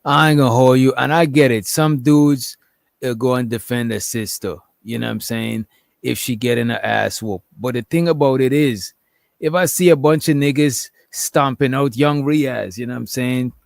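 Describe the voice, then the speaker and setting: A man's voice: mid-range voice, steady tone, moderate pace, vocal fry, no room sound, clean studio sound. A man on a podcast panel, talking in a laid-back, rambling and profane way with lots of fillers. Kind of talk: casual debate chat.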